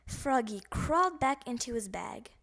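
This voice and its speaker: A woman reading a children's picture book aloud, animated and playful with the sound words. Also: a little high, measured pace. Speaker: storybook reader.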